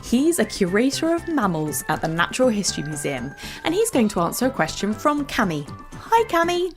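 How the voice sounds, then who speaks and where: A woman with a British accent hosting a children's educational podcast, telling facts in a bright storytelling way. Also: medium pitch, fairly quick, over music. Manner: bright, animated, storytelling to kids. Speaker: podcast host.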